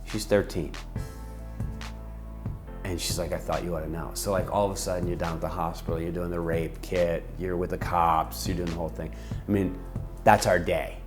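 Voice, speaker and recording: Deep-voiced man telling an intense story. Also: flat delivery, moderate pace, pauses often, over music. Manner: intense, impassioned, acts out the people in his story. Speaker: speaker telling a story from ministry. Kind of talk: personal storytelling.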